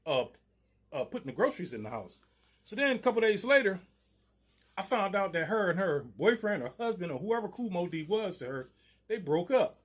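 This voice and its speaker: A man's voice: sits high, fairly bright tone, slightly rough. A man, a landlord, telling a story about a tenant in a loose, slangy way, often laughing. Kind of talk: casual storytime vlog.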